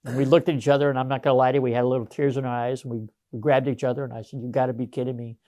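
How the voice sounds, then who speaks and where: A retired Marine in his sixties, telling his war stories in a loose, rambling way and stopping often to search for names. His voice is mid-pitched and sits dry and close to the mic. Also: little pitch movement, very fast, warm tone, no room sound. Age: 60s. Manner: rambling, anecdotal, many fillers and restarts. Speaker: retired Marine gunnery sergeant, interviewee. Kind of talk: casual storytelling interview.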